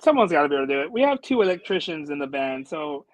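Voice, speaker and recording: A man's voice: a little high, very animated, quick pace, no room sound, low-quality recording. A man from a band answering interview questions casually, easygoing and hedging with lots of "like". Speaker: band member guest.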